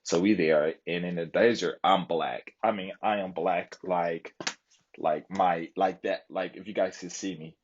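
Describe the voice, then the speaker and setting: A man's voice: sits low, fairly even intonation, measured pace, dull audio. A man telling a long story on a live stream in a rambling way, with lots of fillers and asides. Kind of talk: casual storytelling chat.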